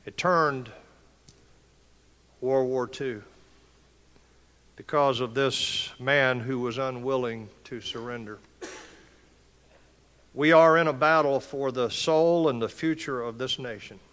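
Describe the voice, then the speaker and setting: Brief: older male speaker, emphatic motivational address, forceful tone, echoey hall. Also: mid-range voice, takes it slowly, long pauses, smooth. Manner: emphatic, impassioned, preacher-like delivery. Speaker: conference speaker. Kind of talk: motivational speech. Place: conference hall.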